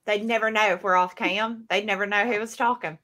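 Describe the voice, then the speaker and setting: A woman's voice: mid-range voice, steady tone, fairly quick, sharp tone. A woman chatting casually as a guest, playful and enthusiastic, laughing along. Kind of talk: casual chat.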